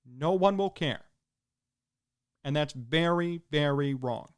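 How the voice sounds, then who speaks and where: Emphatic higher-voiced male sports host. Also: takes it slowly, smooth. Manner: emphatic, repetitive, punchy short sentences. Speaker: sports talk show host. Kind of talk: opinionated sports commentary monologue.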